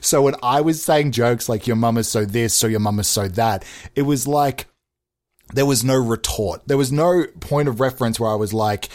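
A man's voice: mid-range voice, normal speed, darkish tone. Rambling, self-mocking male podcast host. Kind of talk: rambling comedic monologue. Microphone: podcast microphone.

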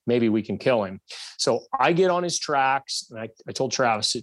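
A man telling a hunting story in a casual, animated way, acting out shots and bits of dialogue. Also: medium pitch, normal speed, no echo.

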